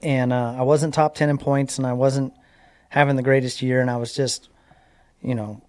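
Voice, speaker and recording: A man in his forties from Southern California tells a lively story as a guest in a laid-back interview, at a medium pitch and moderate pace. Likes and you-knows fill his speech, and he acts out what people said.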